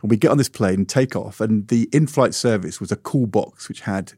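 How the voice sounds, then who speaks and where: A middle-aged man co-hosting a podcast, telling a lively anecdote in casual chat. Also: fairly low pitch, moderate pace, breathy edge, dry recording, studio quality. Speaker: podcast co-host.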